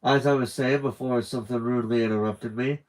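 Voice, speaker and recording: A man's voice: mid-range voice, fairly even intonation, brisk, darkish tone, low-quality recording. A man reading a novel aloud on a live stream, casually breaking off for rambling side comments. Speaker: novel reader.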